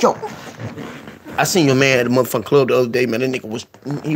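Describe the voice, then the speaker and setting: Male livestream host, gravelly and husky, profane and excitable, lively pitch. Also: a little fast. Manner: profane, excitable, jumps between mumbling and yelling. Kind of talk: casual livestream rant to viewers.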